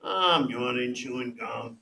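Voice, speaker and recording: A man teaching a class, telling a story in an animated way and acting out the voices of the people in it. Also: medium pitch, takes it slowly, creaky. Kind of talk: classroom lecture with anecdotes. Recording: echoey room with faint background noise.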